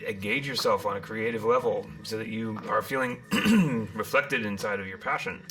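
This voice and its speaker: A man hosting a live-streamed tarot reading, theatrical and rambling, with loud bursts, muttered asides and many restarts. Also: on the low side, expressive, moderate pace, soft background music. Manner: rambling with frequent restarts and fillers.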